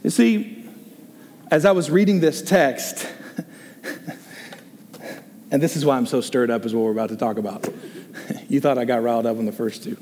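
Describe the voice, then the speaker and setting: A middle-aged man, a pastor leading a group discussion, preaching in an animated, joking way. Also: medium pitch, moderate pace, long pauses, in a large hall, a little hiss or hum. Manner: excitable, exclaims and jokes, reads listener comments aloud.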